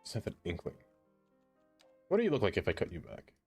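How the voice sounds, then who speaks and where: A man's voice: lowish voice, wildly swooping pitch, quick pace, breathy edge. A man streaming a city-building game, chatting casually with viewers, laughing often and talking to himself as he builds. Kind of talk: casual live-stream chat while playing a city builder. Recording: faint music behind.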